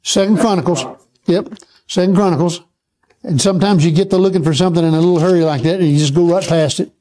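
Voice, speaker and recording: A man preaching a sermon to a congregation, reading scripture slowly and having the listeners repeat verses back to him. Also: sits high, dark tone.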